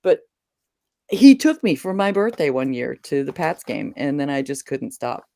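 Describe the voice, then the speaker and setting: A woman's voice: low voice, moderate pace, vocal fry, no room sound. A middle-aged woman from New England hosting a casual video-call chat, telling stories animatedly and laughing often. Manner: chatty, animated storyteller who laughs often.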